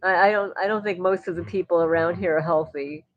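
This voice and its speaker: A woman's voice: fairly low pitch, fairly even intonation, a little fast, no room sound, highs cut off. A woman hosting a livestream, chatting in a rambling way and answering viewer comments. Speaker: livestream host. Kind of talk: casual livestream chat.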